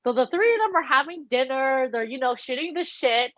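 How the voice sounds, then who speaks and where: A woman co-hosts a casual chat podcast, retelling gossip and acting out every quote with animated, profane energy. Her voice sits high. The recording is dry but dull and lo-fi. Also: fairly quick, no echo. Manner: animated, swears freely, acts out quotes. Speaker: podcast co-host.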